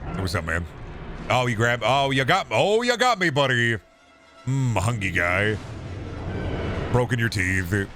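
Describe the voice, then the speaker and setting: A man's voice: mid-range voice, big pitch swings, moderate pace, over music. A man streaming a game, rambling through casual, profane commentary full of jokey asides.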